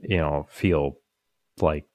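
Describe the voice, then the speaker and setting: A young co-host on a podcast speaks slowly in a rumbling low, darkish voice with a steady tone. In casual chat he rambles through stories with lots of fillers and restarts, often laughing at his own punchlines. The studio-quality recording has no room sound.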